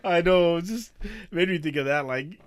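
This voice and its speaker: A man with a slightly high voice co-hosts a loose, profane conversation, laughing through his stories. The sound is close and dry, with no room around it. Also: normal speed, clean tone, no echo. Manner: profane, laughs often, animated storytelling. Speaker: podcast co-host. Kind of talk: casual chat.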